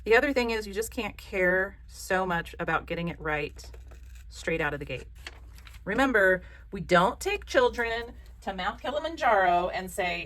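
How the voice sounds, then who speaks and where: A woman's voice: medium pitch, animated, normal speed, fairly bright tone. A woman with a Southern American accent hosts a casual craft tutorial, chatty, joking and encouraging. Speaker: craft channel host.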